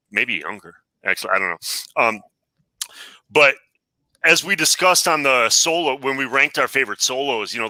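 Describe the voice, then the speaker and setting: A man's voice: mid-range voice, pushed and bright, dry recording, low-quality recording. A man co-hosting a casual music chat, talking with enthusiasm as a fan.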